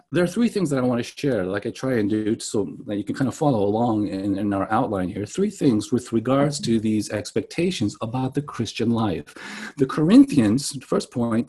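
This pastor has a mid-range, dark-toned voice with a slight roughness. He preaches in a conversational style, regularly checking in with the congregation and asking "right?" often.

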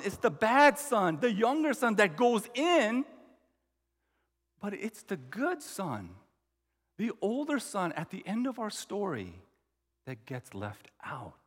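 A man's voice: high-pitched, big pitch swings, unhurried, fairly bright tone, long reverb tail. A man preaching a sermon, emphatic, acting out the quoted lines. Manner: emphatic, acts out the quoted brother. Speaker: pastor.

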